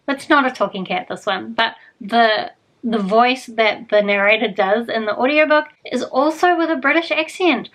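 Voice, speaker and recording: A woman's voice: fairly high pitch, normal speed, fairly bright tone, poor audio. A woman talking casually in a reading vlog, rambling and chatty, often correcting herself mid-sentence. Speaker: book vlogger.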